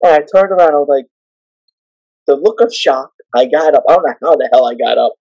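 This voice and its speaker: A man on a podcast telling memories in a lively way, acting out the people he quotes. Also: medium pitch, creaky, slightly rough, no room sound, low-quality recording. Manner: animated, acts out the people he quotes; rapid run-on retelling of wrestling memories. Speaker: podcast guest and storyteller. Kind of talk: casual podcast storytelling.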